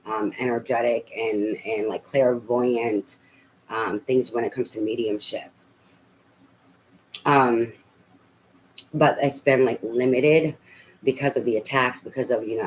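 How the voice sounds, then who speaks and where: A woman's voice: extremely low pitch, a little hiss or hum, poor audio. A middle-aged woman telling a rambling personal story as a tarot reader, full of fillers and casual swearing.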